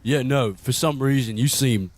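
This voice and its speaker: A man's voice: mid-range voice, moderate pace, voice pushed up, natural voice. A man voicing a suspicious male prison guard who questions prisoners curtly. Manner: interrogating, curt.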